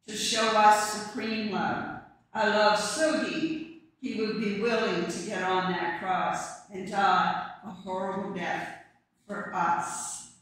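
A preacher giving a calm, measured reflective sermon at morning prayer in a church sanctuary. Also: medium pitch. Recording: echoey church heard from a distance.

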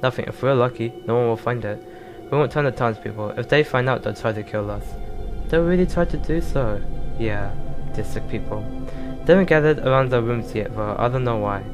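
A man reading a calm young hero. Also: medium pitch, fairly quick, over music, lightly acted. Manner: calm, reassuring.

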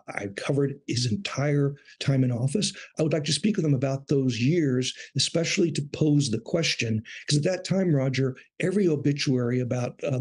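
A man's voice with a grainy, breathy edge, pitched in the middle of the male range. He speaks as an interview guest, thoughtful and measured, and sometimes repeats a word as he gathers his thoughts. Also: a little mellow. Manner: measured, thoughtful, with small restarts. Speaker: guest, former foreign correspondent. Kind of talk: reflective interview talk.

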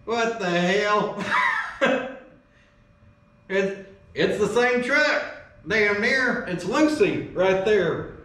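A man hosting a casual vlog, folksy and excitable, swearing casually as he opens fan mail in his workshop. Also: high-pitched, drawn-out words, pauses often. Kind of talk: casual chat. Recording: roomy echo.

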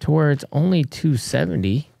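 A man doing casual sports commentary, breaking down shots and joking with his co-host, with excited outbursts. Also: a little high, normal speed, vocal fry, no echo, clean studio sound. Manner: analytical, jokey, excitable reactions. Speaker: disc golf commentator.

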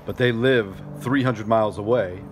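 A man with a fairly low voice vlogs outdoors at a storage unit facility. He tells his story in a loose, chatty way and acts out other people's lines as he goes. A faint outdoor hum sits behind him. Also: moderate pace. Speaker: outdoor gear vlogger. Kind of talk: casual storytelling vlog.

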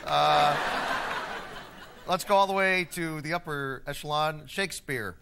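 A man hosting an improv comedy game show, calling out scene styles in a brisk, offhand way. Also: on the high side, gravelly, bright, forceful tone. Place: TV studio before a live audience. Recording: TV studio broadcast with crowd noise.

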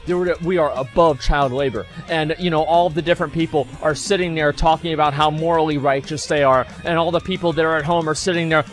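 High-pitched man on a sarcastic rant. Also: fairly even intonation, fast talker, few pauses, faint music behind. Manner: sarcastic, mocks people in put-on voices; profane, rambling with restarts. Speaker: streamer. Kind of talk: ranting commentary.

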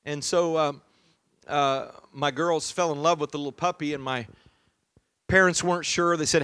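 Chatty pastor with a slightly high voice. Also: male voice, moderate pace, a bit bright, clear, resonant tone, no room sound, studio quality. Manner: conversational storytelling with many fillers. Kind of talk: sermon.

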